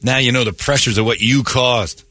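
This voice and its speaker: A man's voice: medium pitch, steady tone, normal speed, pushed and bright. A man hosting a morning radio comedy show, ranting in a mocking, crude way. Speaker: radio host.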